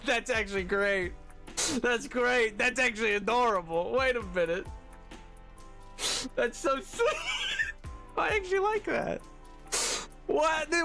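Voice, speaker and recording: A male streamer chats with his viewers in a high, bright voice, laughing easily and staying animated as he goes. Faint music plays underneath his talk. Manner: giggly, animated, breaks into laughter often. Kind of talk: casual live-stream chat, reading chat messages.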